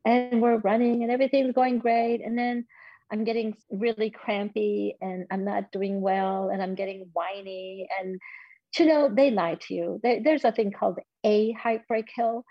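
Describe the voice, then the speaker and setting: A woman's voice: mid-range voice, fairly even intonation, normal speed, no room sound, muffled recording. A woman in her fifties telling a personal story in an interview, candid and self-deprecating. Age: 50s. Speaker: guest.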